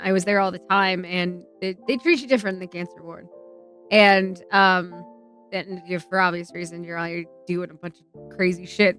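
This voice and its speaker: A woman streamer telling a personal story in a chatty, emotional way, swearing freely and filling pauses with "um" and "like". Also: medium pitch, fairly bright tone. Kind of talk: casual livestream storytelling.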